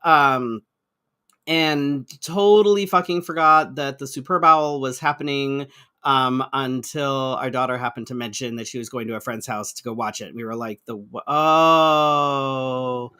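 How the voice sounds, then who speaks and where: Bright, mid-pitched male co-host; loose, chatty, profane, talks in restarts. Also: steady tone, moderate pace. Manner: chatty, swears casually, frequent restarts. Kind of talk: casual chat.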